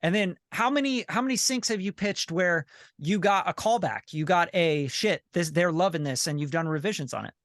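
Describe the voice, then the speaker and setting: A man's voice: high-pitched, animated, brisk, fairly bright tone, dry recording, studio quality. A man coaching a member on a video call, blunt, profane and repetitive, often asking "you know what I'm saying". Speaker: sync licensing coach and group leader.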